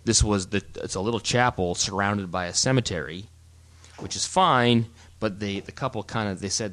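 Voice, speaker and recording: Animated, rambling photographer man, low voice. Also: normal speed. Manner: animated, rambling explainer with restarts. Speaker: podcast co-host, photographer. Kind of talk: casual chat.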